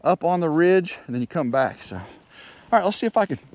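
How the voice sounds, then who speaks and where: A man's voice: a little high, brisk. A man rambling chattily on an outdoor vlog while hiking through snowy woods, a little out of breath. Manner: excitable, chatty, wanders between thoughts. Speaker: vlogger. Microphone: handheld camera.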